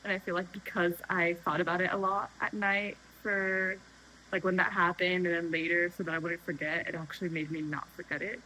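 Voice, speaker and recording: A young woman chats off the cuff at home, rambling and correcting herself as she goes. Her voice sits a little low but has a bright, forceful edge. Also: flat delivery, fairly quick, slight background noise, rough recording. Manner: rambling, chatty, frequent fillers and self-corrections. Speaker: vlogger. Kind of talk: unscripted casual chat. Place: home, making tea.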